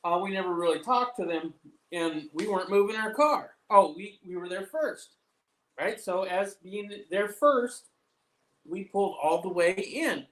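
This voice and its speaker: A man's voice: high voice, animated, unhurried, a bit bright, poor audio. A man hosting a casual chat, telling stories in a loose, profane way. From United States. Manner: profane, storytelling. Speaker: host.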